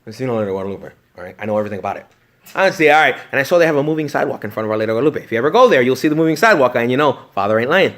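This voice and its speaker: A man, a priest, giving a retreat talk to young adults, joking and animated one moment and hushed the next. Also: mid-range voice, very fast.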